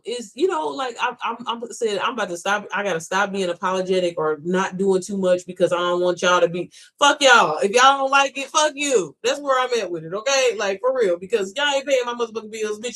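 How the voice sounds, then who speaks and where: A woman coaching other women on business in a casual vlog, blunt and heavily profane, rambling with restarts and talking straight to her viewers. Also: mid-range voice. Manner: rambling with frequent restarts and "you know what I'm saying". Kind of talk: casual motivational vlog monologue.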